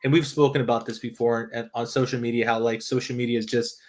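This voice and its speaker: A man's voice: mid-range voice, little pitch movement, fast, a little hiss or hum. A man co-hosting a casual football podcast, talking bluntly and swearing freely as he chats. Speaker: podcast co-host. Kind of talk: casual chat.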